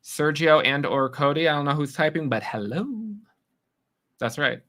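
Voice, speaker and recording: A man's voice: fairly high pitch, pushed and bright. A man from New York hosting a casual livestream, reading viewer comments and teasing the chat. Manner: chatty, teasing, quick reactions to chat. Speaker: livestream host.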